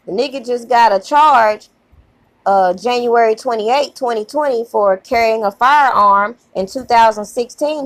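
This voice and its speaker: Angry, profane woman ranting to her channel. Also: a little high. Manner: heated, profane, emphatic, repeats herself. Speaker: channel host. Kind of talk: angry rant to camera.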